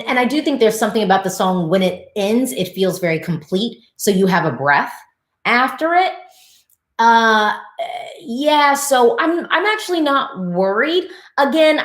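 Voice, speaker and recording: Woman vlogger, mid pitch, chatty commentary with restarts, echoey room sound. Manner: chatty, repeats phrases, quick restarts. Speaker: Eurovision reaction vlogger. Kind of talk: casual reaction commentary to camera. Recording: roomy echo.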